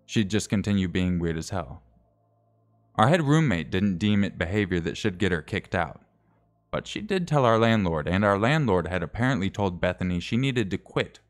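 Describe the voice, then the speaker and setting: A man streaming, reading a scary story aloud in a casual way, correcting his slips and adding wry asides. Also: low voice.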